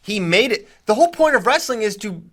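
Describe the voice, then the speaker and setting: Man co-host, fairly high voice, animated casual chat, swings up hard on key words, podcast. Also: fairly quick. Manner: animated, rising emphatically when making a point.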